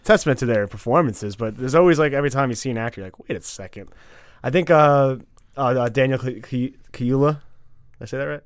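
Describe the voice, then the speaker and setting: A man's voice: medium pitch, fast, clear, resonant tone, dry recording. Man talking movies on a podcast, dry. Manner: excitable, swears freely. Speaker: podcast co-host. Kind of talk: casual podcast chat.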